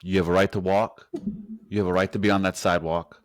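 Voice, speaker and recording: A man with a low voice rants casually on a podcast, emphatic and swearing freely. The sound is dry and close, with no room around it. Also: little pitch movement, fast, dry recording. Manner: ranting, profane, emphatic. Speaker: podcast co-host.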